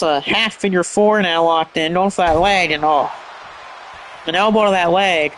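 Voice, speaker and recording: A man calling a wrestling match play by play, energetic and shouting at big moves, often tripping over move names and correcting himself. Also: sits high, normal speed, slight background noise. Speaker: play-by-play commentator. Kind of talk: excited play-by-play commentary.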